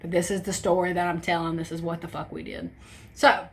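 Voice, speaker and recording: Animated young woman, swearing storyteller. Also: on the low side, a little fast, vocal fry. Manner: animated, swearing, acts out quotes with voice shifts. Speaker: storytime vlogger. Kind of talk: casual storytelling vlog.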